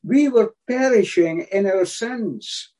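Male preacher, sermon, high mellow voice, emphatic, repeats key phrases. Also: animated, slow, low-quality recording.

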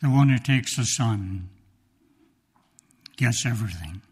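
A male preacher telling a story in a sermon, slow and emphatic, with dramatic pauses, reading from his notes. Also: medium pitch, a little mellow, slightly rough. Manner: reads from notes.

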